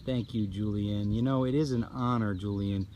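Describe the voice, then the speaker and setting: Outdoors at a nature preserve at sunset, a man hosts a casual live stream, effusive and upbeat as he thanks viewers by name. His voice is fairly low, steady and a little mellow, at a moderate pace, with slight hiss or hum in the background.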